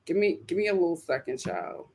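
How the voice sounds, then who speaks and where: A woman hosting a casual livestream, giving animated, opinionated reactions and talking straight to her chat. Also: fairly low pitch, fairly quick, vocal fry, a little hiss or hum. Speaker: livestream host. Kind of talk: casual reality-show review livestream.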